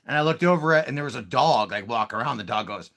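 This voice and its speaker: Lively rambling man on a livestream. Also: mid-range voice, fast, gravelly. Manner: rambling, talks baby-talk to his cat. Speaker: podcast co-host. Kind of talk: casual livestream chat.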